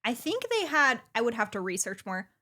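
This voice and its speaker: A woman co-hosting a podcast in casual chat, chatty and teasing, quick with jokes and asides on a close mic. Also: a little high, very animated, sharp tone. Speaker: podcast co-host.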